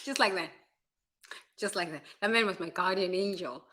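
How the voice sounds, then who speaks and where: A woman tells stories in candid, casual conversation. Her tone is bright and forceful, with an easy laugh running through her talk. She speaks frankly and drops the odd swear word without hesitation. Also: on the low side, normal speed. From South Africa. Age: adult. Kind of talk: candid storytelling chat.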